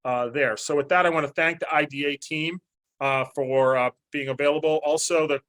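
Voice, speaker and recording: Male webinar host, somewhat high-pitched, rambling and folksy, video call. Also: fairly even intonation, moderate pace, a bit bright. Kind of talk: moderating a webinar Q&A and closing remarks.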